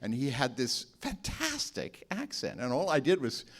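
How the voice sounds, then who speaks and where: A man's voice: mid-range voice, normal speed. A man, an actor guest, telling anecdotes in casual talk and laughing often. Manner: laughs often, animated storyteller.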